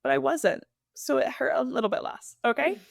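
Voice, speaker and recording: A woman co-hosting a casual chat, telling a story in an animated, sassy way with frequent laughs. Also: high voice, moderate pace, vocal fry, dry recording, studio quality. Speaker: co-host.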